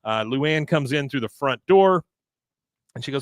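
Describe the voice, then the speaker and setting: A man's voice: mid-range voice, measured pace, long pauses, dry recording. A man co-hosting a podcast, casually recapping a cartoon episode and acting out the characters' lines. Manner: retells scenes with animated quoted voices. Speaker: podcast co-host.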